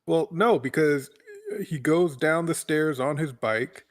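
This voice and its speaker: A man co-hosting a casual movie podcast, speaking hesitantly with halting restarts. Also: on the high side. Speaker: podcast co-host.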